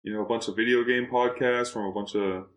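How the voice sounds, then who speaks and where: A man's voice: medium pitch, fairly even intonation, fairly quick, reverberant, rough recording. A man appearing as a guest on a casual podcast, talking in an easygoing, modest way.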